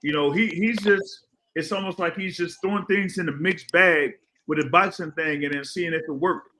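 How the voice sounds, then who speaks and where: A man's voice: fairly high pitch, normal speed, bright, forceful tone, poor audio. A man co-hosting a casual talk show, explaining at length with lots of fillers. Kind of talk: casual chat.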